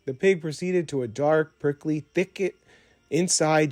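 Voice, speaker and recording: A man narrating a children's storybook at an unhurried, measured pace. His voice sits slightly high, recorded dry and close, with faint music underneath. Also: a little mellow, no echo. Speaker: audiobook narrator. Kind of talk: storybook read-aloud narration.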